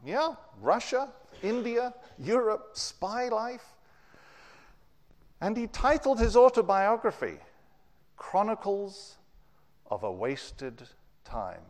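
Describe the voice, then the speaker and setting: Male preacher, slightly higher voice, lively story-driven delivery, long hall reverb. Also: slow pace, long pauses. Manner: storytelling, with wide swings in pitch and loudness. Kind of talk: sermon.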